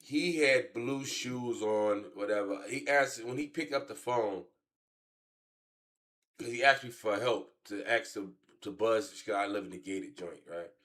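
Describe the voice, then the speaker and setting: Profane rambling man in his late thirties. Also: unhurried. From Chicago. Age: late 30s. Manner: profane, rambling, swings from low mutter to loud shouts. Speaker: streamer. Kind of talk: casual streamed storytelling rant.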